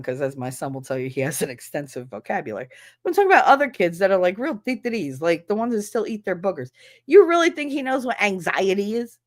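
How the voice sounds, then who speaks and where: Woman, ex-teacher streamer, blunt and profane, very lively delivery in a mid-range voice. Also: medium pitch, quick pace. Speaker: former schoolteacher. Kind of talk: casual livestream chat.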